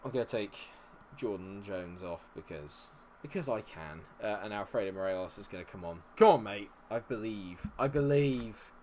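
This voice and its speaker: A young man commentating his own game on stream, muttering tensely and then yelling and swearing. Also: fairly low pitch, animated, normal speed, slight background noise. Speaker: gaming streamer.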